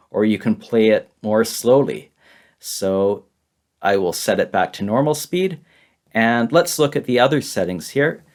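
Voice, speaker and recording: A man with a fairly low voice runs a beginner English lesson over his screen. He repeats simple phrases patiently and laughs lightly now and then. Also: a little mellow. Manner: simple words, heavy repetition, light laughs. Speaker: English teacher. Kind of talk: slow, repetitive beginner lesson.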